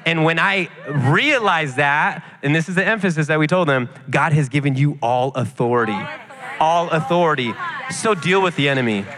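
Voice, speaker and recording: A man's voice: on the high side, lively intonation, moderate pace, sharp tone. A man youth leader speaking earnestly and conversationally on a live church panel. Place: church sanctuary, live service.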